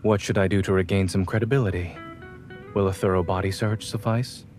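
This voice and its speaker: An actor playing a calm, composed male doctor in a romance game, speaking in a measured, quiet way. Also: low-pitched, soft background music, natural voice. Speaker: doctor love interest. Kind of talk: game voice acting.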